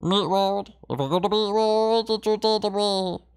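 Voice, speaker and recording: A man doing a squeaky, high-pitched woman's voice in a shrill falsetto, sing-song and playful, as a bit on a live stream. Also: fairly even intonation, normal speed, smooth.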